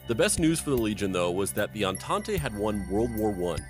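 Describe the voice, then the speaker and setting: Low-voiced man narrating history with jokes. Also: sing-song, moderate pace, few pauses, faint music behind. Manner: playful, goes off on silly tangents. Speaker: podcast host and narrator. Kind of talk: comedic history podcast narration.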